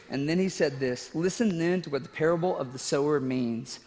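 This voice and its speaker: A man's voice: a little high, fairly quick, hardly any pauses, darkish tone. Man preaching in a reverberant hall. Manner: emotional, tearful at times, laughing asides. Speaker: pastor. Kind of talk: sermon with personal story.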